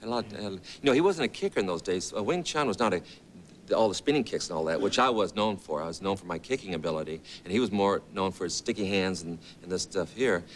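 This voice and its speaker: A man's voice: sits low, expressive, fast, a little hiss or hum. A man in his fifties, a talk show guest and actor, telling rambling anecdotes full of quoted dialogue. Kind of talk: casual storytelling. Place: TV studio.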